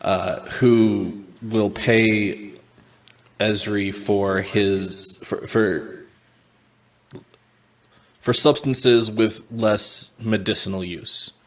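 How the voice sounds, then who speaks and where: A man describing his character in a tabletop game, halting with many fillers and restarts. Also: lowish voice, steady tone. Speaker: player.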